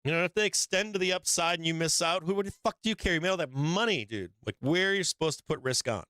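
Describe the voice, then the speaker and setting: A man's voice: on the high side, quick pace, sharp tone, smooth, no room sound. A man hosting a live stock market show, giving blunt and profane trading commentary with frequent emphatic swearing and laughs between points.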